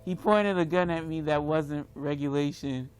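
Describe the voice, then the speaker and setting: A woman playing a video game and reading its text aloud, reacting loudly and dramatically. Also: low-pitched, moderate pace, smooth, soft background music. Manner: reads dialogue aloud, with loud dramatic reactions. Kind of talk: let's play reading and reacting.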